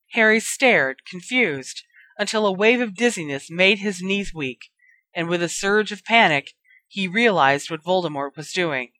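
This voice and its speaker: A woman reads a story aloud in a steady, even narrating voice. Her pitch sits a little low, and the recording is dry and close. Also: no room sound. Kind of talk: reading fan fiction aloud.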